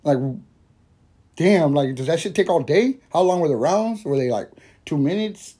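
A man's voice: fairly high pitch, animated, normal speed, warm tone, husky. A young man hosting a casual podcast, rambling loosely, swearing constantly and laughing often between thoughts. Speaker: podcast host. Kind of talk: casual stoner podcast chat.

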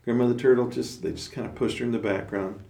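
Male storyteller, low and gravelly, halting, recorded in a roomy room from afar. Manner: relaxed, halting, with fillers. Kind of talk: oral storytelling. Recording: roomy, distant mic.

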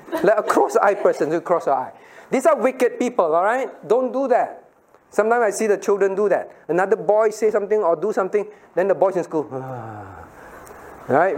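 A middle-aged man, a pastor giving a playful Bible lesson to children and asking them questions. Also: high voice. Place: church room with children.

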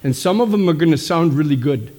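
A man's voice: fairly high pitch, animated, a little fast, darkish tone. A middle-aged man preaching a sermon, emphatic and calling out "amen?" again and again. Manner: emphatic, frequent calls of "amen?". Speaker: pastor.

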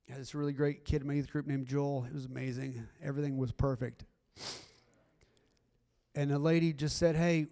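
Guy preaching, kinda higher voice, earnest and chatty with loud emphatic bits. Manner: earnest, conversational preaching with rising emphatic bursts. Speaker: pastor. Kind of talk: sermon.

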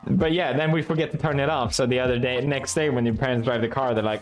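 A man's voice: medium pitch, fairly even intonation, fast talker, faint music behind. A young man from Sweden, giving casual, sarcastic and profane reaction commentary as a video host.

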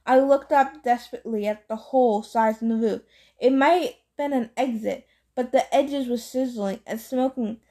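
A woman reading a novel aloud in a plain, steady storytelling manner. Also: a little high, normal speed. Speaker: audiobook reader.

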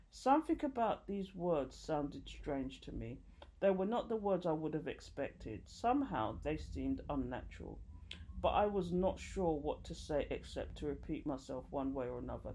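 A woman reading a nonfiction book aloud, expressive and lively, with occasional slips and restarts, lifting her voice for quoted dialogue. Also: low voice, unhurried. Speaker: audiobook reader.

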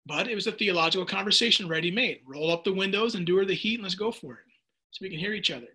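A middle-aged male preacher delivers a fervent radio sermon, often tripping over and repeating his words. His voice sits high for a man, with a bright, husky edge. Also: fast. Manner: passionate, repeats words when excited. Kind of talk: sermon with listener texts.

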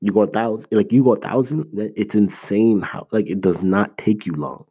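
A man's voice: on the low side, normal speed, dark tone, slightly rough. A man from Canada, a motivational speaker and author, giving an earnest, emphatic talk. He talks conversationally, with lots of "like" and restarts, and he repeats his key phrases.

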